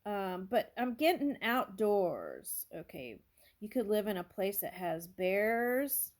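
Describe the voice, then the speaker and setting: A woman's voice: medium pitch, very animated, takes it slowly. A woman doing a casual tarot reading, thinking aloud and musing over each card with small exclamations. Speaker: tarot reader.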